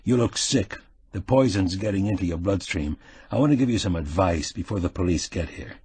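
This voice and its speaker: Calm shrewd avuncular man, done by a male narrator, steady, husky, dry close sound. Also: deep voice, a little fast, no room sound, exaggerated voice. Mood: stern concern.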